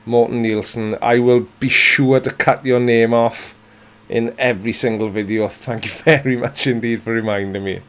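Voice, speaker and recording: A man in his forties from South Wales speaks with a Welsh accent in a medium-pitched, slightly bright voice, with fairly even intonation at a moderate pace. He hosts a live stream, reading chat and answering with dry, playful self-mockery.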